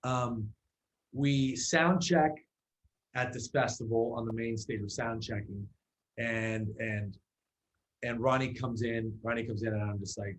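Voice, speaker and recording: A male musician telling a story as an interview guest. His voice sits at a middle pitch, and his delivery is loose and chatty, full of "like"s and restarts. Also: unhurried, a little hiss or hum, rough recording. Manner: animated storyteller with many fillers and restarts.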